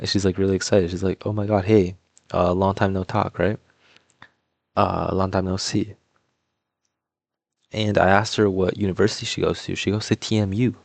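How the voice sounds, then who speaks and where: Low, flat-voiced young guy. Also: no echo. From Toronto, Canada. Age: young adult. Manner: rambling, filler-heavy, lots of "like" and "um"; laid-back, mumbling asides while doing a puzzle. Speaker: vlogger. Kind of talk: casual storytelling.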